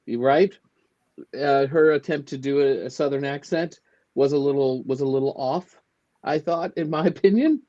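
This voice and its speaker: A man's voice: medium pitch, normal speed, dark tone, dull audio. A man co-hosting a casual movie podcast, rambling and joking in an easygoing way. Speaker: podcast co-host. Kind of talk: casual chat.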